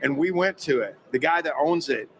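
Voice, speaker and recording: Excitable man telling a story. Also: a little high, fairly quick, slight background noise, rough recording. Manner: acts out quoted dialogue, excitable, emphatic. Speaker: guest recounting a personal experience. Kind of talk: animated spoken storytelling.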